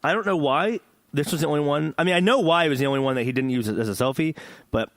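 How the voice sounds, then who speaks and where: A man's voice: fairly high pitch, fast, dry recording. A man hosting a gaming podcast in casual chat, joking, rambling and swearing. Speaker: podcast host.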